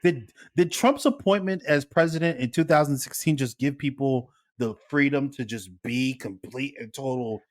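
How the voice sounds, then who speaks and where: A man's voice: mid-range voice, normal speed, hardly any pauses, no echo, clean studio sound. A man co-hosting a podcast, teasing and blunt, cracking crude jokes. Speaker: podcast co-host. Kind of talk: casual chat.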